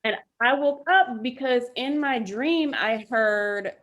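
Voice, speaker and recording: Animated woman veteran telling stories. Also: fairly high pitch, takes it slowly. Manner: animated, acts out quoted voices, swears freely. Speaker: military veteran guest. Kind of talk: casual podcast storytelling.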